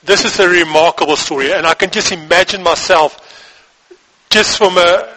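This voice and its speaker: A man's voice: high-pitched, normal speed, pushed and bright, low-quality recording. A man reading scripture aloud and breaking off to explain it, with occasional restarts. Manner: reads, then breaks off to explain.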